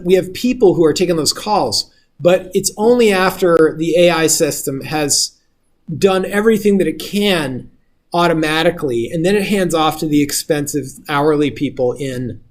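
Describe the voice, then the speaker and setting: A man's voice: on the high side, lively intonation, a little slow. Man explaining things in a class. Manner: explanatory, often checking understanding. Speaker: instructor. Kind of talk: casual classroom lecture.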